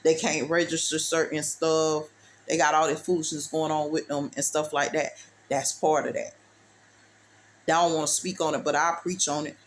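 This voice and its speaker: A woman's voice: deep voice, level tone, moderate pace, slight background noise. A woman giving a preachy motivational testimony. She talks emphatically and repeats herself, calls the listener baby and uses street-talk phrasing. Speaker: speaker sharing testimony.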